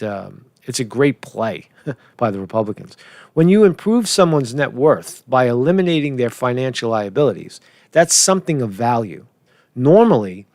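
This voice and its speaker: A man giving casual political commentary, rambling and profane, repeating "right?" and chuckling at his own lines. His voice is gravelly, and it sits in a dry, close recording. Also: mid-range voice, a little mellow, no room sound. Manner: restarts sentences, chuckles at his own jokes.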